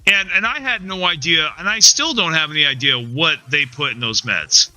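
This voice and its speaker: A male streamer venting while he plays a game live, swearing often and circling back on his thoughts. His voice is strikingly bright and edgy, and it swings widely in pitch. Soft music sits behind him on a dry, close mic. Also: lively intonation, moderate pace, dry recording. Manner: rambling, profane, frustrated, with frequent restarts and "man" and "dude". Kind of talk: casual live-stream chat while playing.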